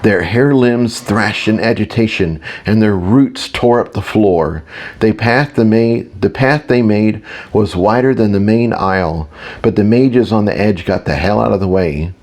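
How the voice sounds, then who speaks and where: A man narrates a fantasy audiobook in the first person. His reading is steady and matter-of-fact, in a fairly low voice. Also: unhurried.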